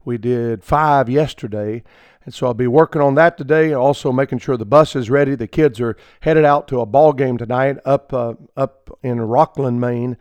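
A man's voice: mid-range voice, normal speed, darkish tone, clear, resonant tone, no room sound. A man preaching a radio devotional, reading scripture and building to emphatic, rising appeals with frequent fillers.

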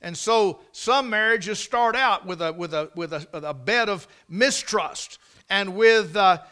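A man delivering a sermon in a high, bright voice. He leans on repetition and slows right down to stress key phrases. He keeps checking in with the congregation through rhetorical questions. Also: clean tone. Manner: preaching with repeated words, drawn-out emphasis and rhetorical questions. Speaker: pastor.

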